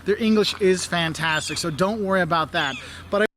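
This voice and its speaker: A man with a notably high voice gives travel tips with lots of enthusiasm. He laughs often and slips into silly mock voices. A faint background hum sits under his talk. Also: a little fast, pushed and bright. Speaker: travel video host. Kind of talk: travel advice vlog.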